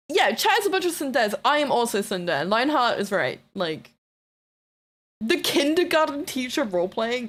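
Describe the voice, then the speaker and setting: A woman streamer talks casually to her live chat with a bouncy, sing-song delivery that climbs and dips a lot. She is blunt and playful, swearing freely and teasing her viewers. Her voice sits a little on the high side. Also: normal speed. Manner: excitable, with bursts of shouting and laughter.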